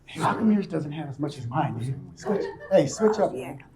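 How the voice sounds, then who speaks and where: A man's voice: a little high, lively intonation, normal speed, over a noisy crowd. Playful, teasing man on a panel. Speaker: panel guest. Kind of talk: casual panel talk.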